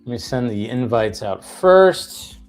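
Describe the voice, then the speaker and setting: A man's voice: medium pitch, animated, takes it slowly, faint music behind. Rambling, exasperated male livestream host. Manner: rambling, exasperated, many fillers and restarts. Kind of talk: casual ranting livestream commentary.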